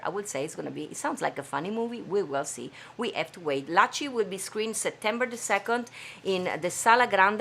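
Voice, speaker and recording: A woman's voice: on the low side, fairly bright tone. A woman from Venice with an Italian accent, hosting her own live stream in an enthusiastic, chatty way with frequent fillers. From Venice, Italy. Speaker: host of a live stream show. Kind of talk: casual live-stream chat. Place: home studio.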